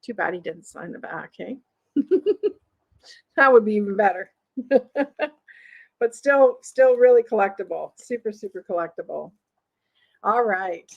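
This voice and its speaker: A chatty woman in a casual show-and-tell video, presenting old paper collectibles to the camera. Her voice sits at an ordinary middle pitch. She sounds light and upbeat and keeps turning to the viewer with questions. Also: animated, measured pace, vocal fry, pauses often, muffled recording. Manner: laughs often, light and upbeat. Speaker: vintage ephemera seller and channel host.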